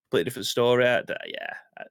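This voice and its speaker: Male co-host, mid pitch, relaxed measured opinions, dry close sound. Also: no echo. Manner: easygoing, hedging opinions. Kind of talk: casual gaming news chat.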